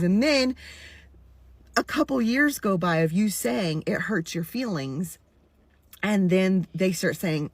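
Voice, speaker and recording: A woman in her forties, a content creator stitching a video, gives candid personal commentary on her own experience at medium pitch with lively intonation. She speaks slowly, pausing often, earnest and emphatic, repeating herself for stress, with no echo.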